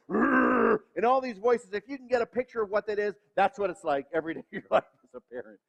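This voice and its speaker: Male pastor, sermon, self-mocking, fairly high voice, long church reverb. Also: fast, hardly any pauses. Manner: self-deprecating, acts out inner voices. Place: church sanctuary. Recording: reverberant hall, dull lo-fi sound.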